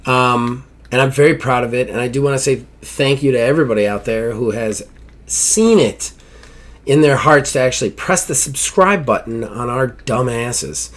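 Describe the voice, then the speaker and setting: A man's voice: medium pitch, normal speed, fairly bright tone. A man hosting a gaming podcast in casual, upbeat chat, swearing now and then as he runs through plugs. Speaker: podcast host.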